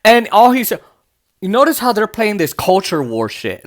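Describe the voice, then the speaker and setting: High-voiced man ranting angrily. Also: very animated, moderate pace. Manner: angry, profane, mocking rant with laughs. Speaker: podcast host. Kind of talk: political commentary podcast, reacting to clips.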